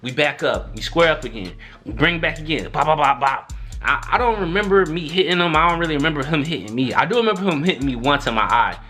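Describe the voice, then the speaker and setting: A young man moves at a quick pace through a vlogged storytime monologue, soft music underneath. He keeps it loose and full of slang, acting out others' words with big shifts in pitch.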